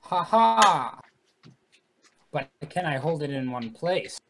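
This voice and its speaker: A player in a casual tabletop game, eager and quick to get excited. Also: medium pitch, background noise.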